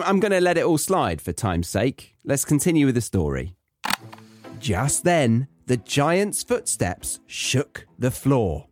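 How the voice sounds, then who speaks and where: A man's voice: mid-range voice, a little mellow. A British man hosting a podcast, reading a children's story aloud with wry, joking asides. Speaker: podcast host. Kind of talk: story reading with comic commentary.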